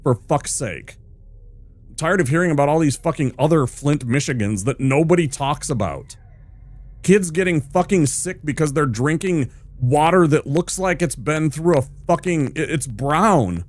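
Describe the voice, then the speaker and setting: A man's voice: on the high side, animated, moderate pace. A male streamer ranting hard with heavy swearing while he plays a game. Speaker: gaming streamer.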